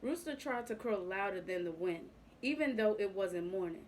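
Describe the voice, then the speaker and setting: A woman reading a picture book aloud to young children, with a gentle, expressive storytelling manner. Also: mid-range voice, moderate pace, a little hiss or hum, low-quality recording.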